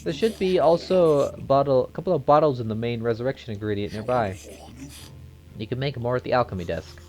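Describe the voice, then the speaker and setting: A man's voice: mid-range voice, brisk, darkish tone, soft background music, natural voice. A man voicing a polite, lonely undead zombie chained in a dungeon, speaking with exaggerated courtesy and a put-on German accent. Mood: chatty. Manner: overly courteous, formal.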